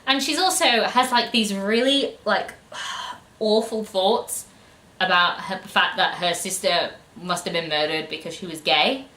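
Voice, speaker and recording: A woman's voice: mid-range voice, measured pace, sharp tone. A woman ranting sarcastically about a book in a casual review, full of fillers. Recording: echoey room.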